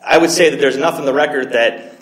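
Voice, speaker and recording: Man arguing an appeal in an echoing courtroom. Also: fairly high pitch. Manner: measured, with frequent restarts and hedged legal phrasing. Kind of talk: courtroom oral argument. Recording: roomy courtroom echo.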